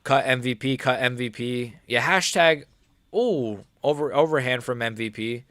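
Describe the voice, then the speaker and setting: A young man with a mid-range, slightly bright voice gives casual live commentary on a fight stream at a moderate pace. The studio-quality audio has no room sound. His talk is slangy and rambling, peppered with "bro" and "like," and his opinions are blunt and mocking.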